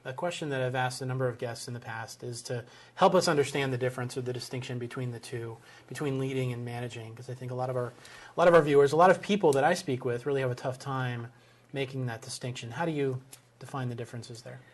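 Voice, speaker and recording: A man's voice: mid-range voice, fairly even intonation, fast talker. A man hosting an interview, asking enthusiastic, curious questions. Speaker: interview host.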